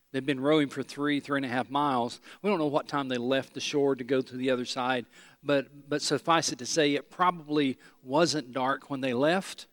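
A man preaching a sermon, swinging between loud emphatic lines and hushed low ones, repeating phrases as he talks straight to the congregation. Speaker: pastor.

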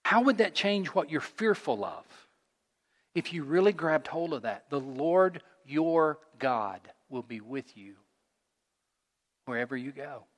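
A man preaching a sermon as a pastor, earnest, rising to loud call-and-response with his congregation. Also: a little high, expressive, unhurried, big-room sound. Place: church sanctuary.

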